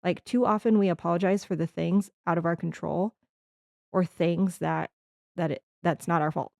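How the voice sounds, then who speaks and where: A woman's voice: lowish voice, fairly even intonation, moderate pace, creaky, darkish tone, no echo, studio quality. A woman from the Midwest hosting a podcast, talking earnestly in a rambling reflective monologue with restarts. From American Midwest. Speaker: podcast host.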